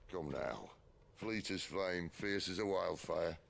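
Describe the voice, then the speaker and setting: An actor playing a gruff, wry rugged man in a video game cutscene, with a dry, teasing drawl. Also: slow pace, fairly bright tone, a little hiss or hum, heavily acted. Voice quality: deep and gravelly.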